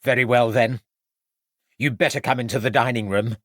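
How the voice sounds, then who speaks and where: A man voicing a loud, formidable, buxom middle-aged landlady who booms and gives orders. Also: lively intonation, measured pace, dry recording, clean studio sound. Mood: bossy. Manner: booming, bossy, dismissive.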